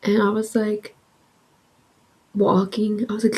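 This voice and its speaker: A young woman vlogger telling a casual story with animated, swearing delivery, sometimes slipping into a soft breath. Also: mid-range voice, slow pace, slightly rough, low-quality recording. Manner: animated, swears freely, acts out quotes.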